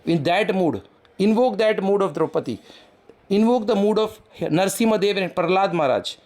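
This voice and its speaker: A man's voice: high voice, expressive, normal speed, darkish tone. A man giving an explanatory devotional talk, acting out quoted prayers and using frequent fillers. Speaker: spiritual teacher.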